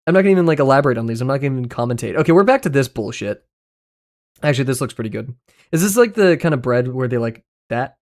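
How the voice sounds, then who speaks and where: A male streamer talking casually to his chat, rambling from one thing to the next. He swears freely, cracks jokes and laughs often, his voice sitting at an ordinary middle pitch. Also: animated, fast talker, a little mellow. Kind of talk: casual livestream commentary.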